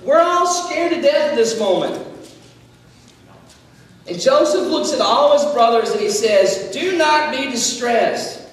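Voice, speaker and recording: Man, high voice, casual sermon, chatty storytelling, filler words, distant mic, big echoey hall. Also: expressive, measured pace, pauses often. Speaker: student speaker.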